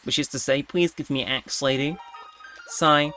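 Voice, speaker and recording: A man giving chatty, rambling commentary while playing a cozy life-sim game, thinking out loud. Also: mid-range voice, steady tone, measured pace, soft background music. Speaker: let's play host.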